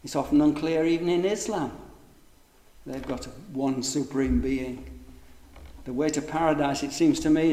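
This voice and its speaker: A man preaching a sermon, emphatic and full of rhetorical questions, stretching some words out slowly for stress. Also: fairly high pitch, mellow. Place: church. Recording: echoey church hall with long reverb.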